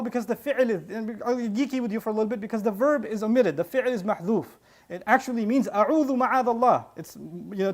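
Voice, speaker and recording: A man giving a Quranic lesson with a South Asian English accent, telling the story in an animated way and acting out the quoted voices. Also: high voice. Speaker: preacher.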